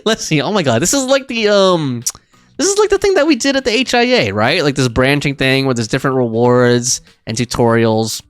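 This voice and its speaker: Lively, chatty male game streamer. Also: medium pitch, fairly quick, no room sound, soft background music. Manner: chatty and rambling, reads chat aloud. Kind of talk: live gameplay commentary.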